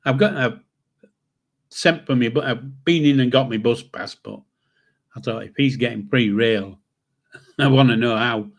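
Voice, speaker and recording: A man's voice: medium pitch, unhurried, long pauses. A man, telling a rambling, salty anecdote on his live stream. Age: 60s. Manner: chatty, swears freely, chuckles through his stories.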